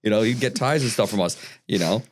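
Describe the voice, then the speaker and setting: A man's voice: lowish voice, fast. A man co-hosting a podcast, chatting casually and mimicking voices when he tells stories. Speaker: podcast co-host. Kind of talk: casual chat.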